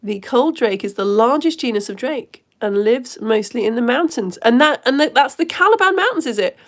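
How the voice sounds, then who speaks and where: A woman from the UK greeting young viewers by name during a live-streamed lesson, swinging between excited hellos and quiet asides. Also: on the high side, normal speed.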